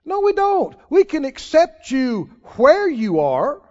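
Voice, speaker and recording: A man preaching a sermon to a congregation, animated and throwing questions back at the listeners. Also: extremely high pitch, slow pace. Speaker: pastor. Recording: dull lo-fi sound with long hall reverb.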